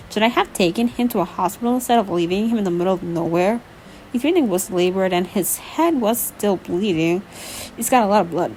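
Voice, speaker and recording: A woman's voice: medium pitch, a little mellow, a little hiss or hum, low-quality recording. A young woman reading a novel aloud casually, breaking off with playful asides and laughs. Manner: chatty, laughs and asides between lines, playful. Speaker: reader. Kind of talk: casual novel read-along with commentary.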